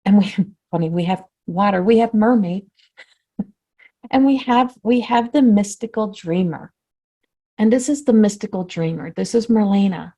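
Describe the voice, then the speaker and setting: A woman spiritual teacher giving a flowing talk before a guided meditation, repeating and rephrasing, often dropping to a soft hush. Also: medium pitch, measured pace. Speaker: spiritual teacher and oracle card reader.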